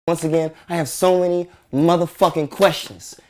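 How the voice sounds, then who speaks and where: A man's voice: fairly high pitch, steady tone, normal speed, slight background noise. A man hosting his own show, delivering an emphatic, profane comedic rant commentary. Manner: profane, emphatic, bursts of shouting. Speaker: host.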